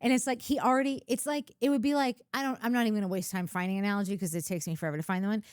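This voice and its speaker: A woman's voice: mid-range voice, fairly even intonation, racing, clean tone, no echo, studio quality. A woman co-hosting a podcast, chatting casually and rambling as she goes. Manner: rambling, many fillers and restarts. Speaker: podcast co-host. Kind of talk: casual chat.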